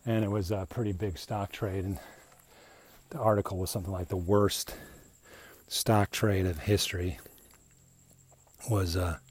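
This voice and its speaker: A man's voice: sits low, steady tone, unhurried, long pauses, a little mellow, breathy edge. A middle-aged man hosting a podcast, telling a rambling, jokey personal story in a casual way. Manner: rambling, jokey, self-interrupting. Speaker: podcast host.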